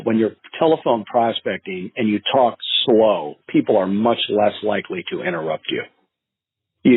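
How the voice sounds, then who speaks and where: A man who coaches real estate sales, telling stories and advice in a podcast interview, acting out calls in an animated way. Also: fairly low pitch, slightly rough, no echo. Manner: animated storyteller, acts out phone calls. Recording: tinny phone-line sound.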